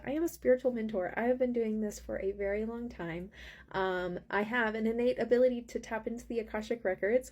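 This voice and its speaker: Breathy woman giving a gentle tarot reading. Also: mid-range voice. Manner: earnest, gentle, rambling with frequent ums. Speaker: spiritual mentor.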